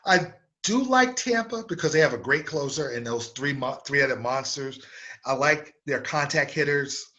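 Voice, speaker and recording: A man's voice: a little high, expressive, normal speed, sharp tone. A man hosting a sports radio show, delivering an opinionated, emphatic monologue that repeats words to stress a point.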